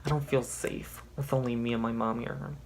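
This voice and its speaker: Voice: mid-range voice, steady tone, moderate pace, a little hiss or hum, lightly acted. A reader voicing a worried, caring teenage girl from a teen romance story, speaking in a soothing way. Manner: fretful, soothing. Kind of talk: mock-dramatic reading.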